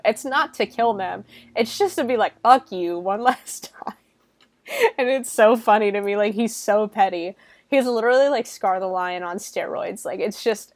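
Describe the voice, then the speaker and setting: A woman's voice: mid-range voice, no echo. Young woman, casual film recap, chatty, irreverent, swears, laughs a lot, dry close sound. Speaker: movie reviewer.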